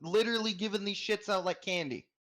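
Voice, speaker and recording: A man in a casual voice chat, excitable and swearing freely. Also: high-pitched, fast talker.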